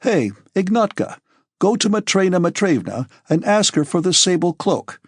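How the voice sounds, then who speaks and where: A male narrator plays a brash, scheming officer who barks commands with a husky voice. The recording is dry and close. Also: high-pitched, very animated, no echo, voice pushed up, exaggerated voice. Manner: brisk, commanding, shouts orders. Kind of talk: audiobook character voice.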